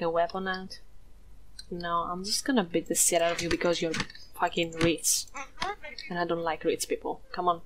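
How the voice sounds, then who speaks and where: A woman's voice: fairly low pitch, slight background noise. Woman from Greece, gameplay commentator, playful and sweary, swings between whispers and squeals. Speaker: gameplay streamer. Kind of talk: let's play commentary.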